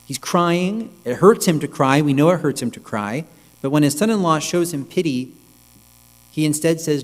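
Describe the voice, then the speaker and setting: A male rabbi giving a reflective, measured sermon, with pauses, in a synagogue sanctuary. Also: fairly high pitch, lively intonation. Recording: long reverb with mains hum.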